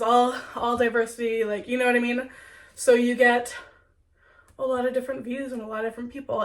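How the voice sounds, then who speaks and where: Earnest young woman, a little far from the mic. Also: on the high side. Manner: earnest, heartfelt, chatty with many "like"s. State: sick with a cold. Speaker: spiritual content creator. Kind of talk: Q&A vlog, talking to viewers.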